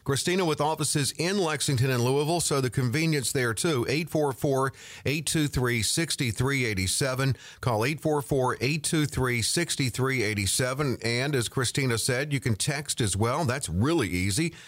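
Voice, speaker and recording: A man hosting a radio talk show in a lively, promotional way, bringing in a guest and reading out contact details. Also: mid-range voice, normal speed, no room sound, studio quality. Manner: lively, promotional, reads phone numbers.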